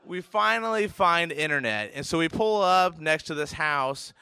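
A man telling a casual personal anecdote in an animated way, chuckling often and restarting his sentences. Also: a little high, moderate pace, vocal fry, smooth. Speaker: storyteller.

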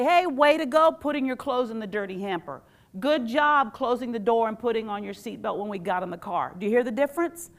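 A woman teacher gives an animated workshop talk, quizzing her audience and acting out phrases. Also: on the high side. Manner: animated, quizzes the audience with call-and-response questions; acts out quoted phrases in playful voices. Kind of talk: live interactive workshop talk.

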